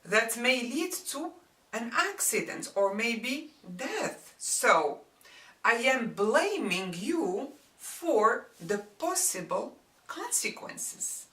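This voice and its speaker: A woman teaches a grammar lesson in a bright, clear voice that rises and falls a lot. She speaks slowly and carefully and works through each example. Her voice sounds a little distant, in a roomy space. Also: a little high, big pitch swings. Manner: deliberate, explains example sentences step by step. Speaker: Arabic teacher.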